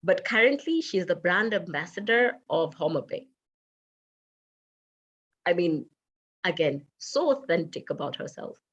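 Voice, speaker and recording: A woman's voice: fairly low pitch, expressive, a little slow, pauses often, highs cut off. A Kenyan woman, a radio manager, giving an emphatic talk on self branding and acting out people's words as she goes. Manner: emphatic, quotes people directly. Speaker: radio manager, guest speaker.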